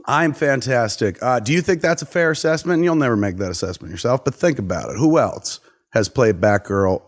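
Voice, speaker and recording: A man hosting a casual podcast conversation. He talks loosely and swears freely. His jokes often turn into quick silly voices. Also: medium pitch, animated. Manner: loose, profane, jokey, does silly voices. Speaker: podcast host. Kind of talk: casual interview chat.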